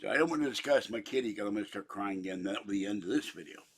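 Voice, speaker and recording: A man's voice: lowish voice, racing, slightly rough. An older man from Pittsburgh, talking in a rambling, chatty monologue full of theatrical asides. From Pittsburgh, Pennsylvania. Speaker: vlogger.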